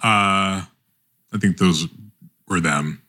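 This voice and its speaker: Bright-voiced man in animated podcast chat. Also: low-pitched. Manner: animated, self-interrupting, quick restarts. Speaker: podcast host. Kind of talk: casual roundtable chat.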